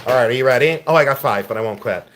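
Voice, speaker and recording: A man's voice: medium pitch, rapid-fire, fairly bright tone, a little hiss or hum. A man hosting a live-streamed jewelry auction, chatting and joking as he shows each lot. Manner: joking, chatty, self-mocking. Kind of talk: live-stream sales patter.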